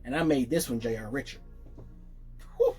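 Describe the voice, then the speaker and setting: A man presenting his jersey collection in a casual vlog, chatty and excited, correcting himself as he goes. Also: medium pitch, moderate pace, soft background music. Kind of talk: casual show-and-tell vlog.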